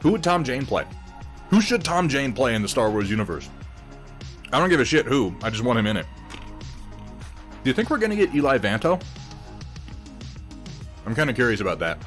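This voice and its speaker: Rambling, swearing livestream host. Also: male voice, mid-range voice, very animated, a little fast, long pauses, fairly bright tone, faint music behind. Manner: rambling, chatty, laughs often, swears freely. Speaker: livestream host painting miniatures. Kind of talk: casual livestream chat.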